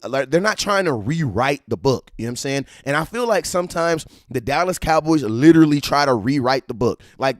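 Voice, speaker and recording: A man hosting a casual live-stream about football, animated and slangy, repeating himself and breaking into excited shouts. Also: mid-range voice, no room sound, clean studio sound. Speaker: live-stream sports talk host.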